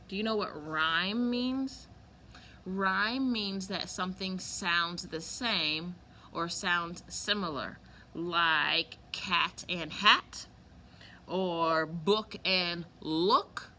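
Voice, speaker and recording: A woman teaching a kindergarten lesson online, speaking slowly and clearly and stretching words for small children. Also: mid-range voice, bright, forceful tone, a little hiss or hum.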